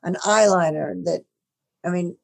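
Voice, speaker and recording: A woman, a film makeup artist, telling stories in an interview, growing animated when excited. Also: lowish voice, unhurried, gravelly. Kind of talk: interview, casual storytelling.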